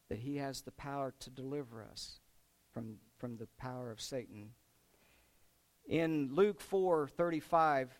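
Male pastor preaching with emphasis, mid-range voice, posing rhetorical questions. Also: mid-range voice. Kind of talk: sermon.

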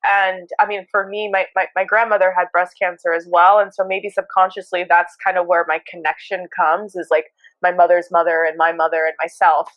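A woman hosting a casual chat, animated and acting out quoted dialogue. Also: on the low side, fairly quick, few pauses, no room sound, dull audio. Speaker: podcast host.

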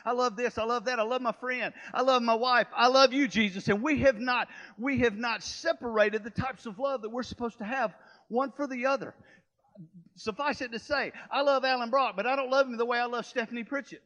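A man preaching a sermon, telling a story and swinging between hushed and loud, fervent passages. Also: extremely high pitch, steady tone, fairly quick, lo-fi sound. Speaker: pastor.

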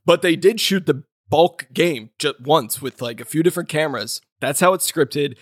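This co-host's voice is fairly high and his speed normal as he talks through a movie on a podcast, lively in replaying its scenes and voicing quoted dialogue. The sound is dry and clean, studio grade.

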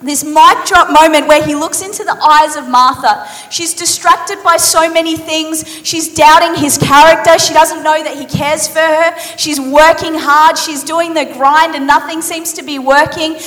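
A woman preacher giving a sermon in a lively, conversational, playful storytelling manner. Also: high voice, moderate pace. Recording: reverberant hall.

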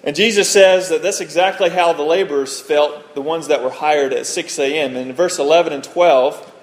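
A man preaching a sermon as pastor, telling stories in a conversational way and often checking in with a quick "right?". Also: fairly high pitch, steady tone. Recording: echoey hall with long reverb.

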